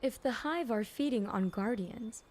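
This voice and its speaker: A woman's voice: on the high side, measured pace, darkish tone. A woman playing a confident, dry-witted female warrior in a fan audio drama. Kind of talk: audio drama acting and narration.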